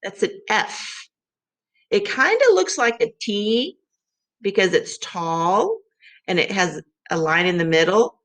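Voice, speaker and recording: Slow, patient woman teaching young kids. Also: medium pitch, sing-song, fairly bright tone. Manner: patient, sounds out letters and claps syllables. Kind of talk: vocabulary lesson for young children.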